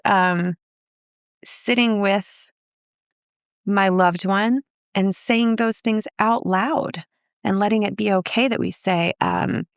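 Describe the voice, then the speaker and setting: A guest therapist on a podcast speaks earnestly and emotionally, often restarting her sentences. Her slightly high, gravelly voice comes through a dry, studio-quality recording.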